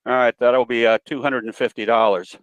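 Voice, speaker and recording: A man voicing a deadpan veterinarian giving bad news, in a joke told during a webinar. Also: mid-range voice, fairly quick, clear, resonant tone, dry recording, lo-fi sound, natural voice.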